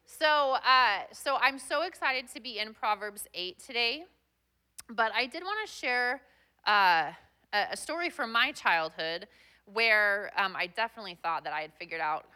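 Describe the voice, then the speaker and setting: A woman's voice: on the high side, expressive, moderate pace, sharp tone. A young woman guest pastor giving a chatty, self-deprecating sermon with plenty of fillers.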